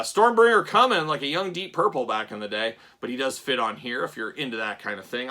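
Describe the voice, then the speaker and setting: A man's voice: mid-range voice, sharp tone. A man giving a casual, rambling toy unboxing review with jokey asides.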